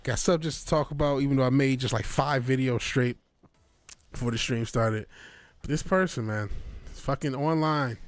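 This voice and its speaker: A man streaming a video game live, ranting with profanity and swinging between low mutters and sudden angry shouts at the game, from his home studio. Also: steady tone, moderate pace, no echo. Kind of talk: live gaming stream commentary.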